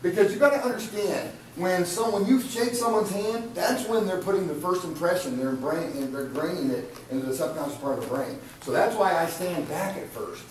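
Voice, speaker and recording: A man's voice: high-pitched, animated, fairly quick, hardly any pauses, recorded from a distance, slight background noise. A man leading a live sales training session, chatty and coaching, often repeating his words. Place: training room with an audience. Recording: echoey room from afar.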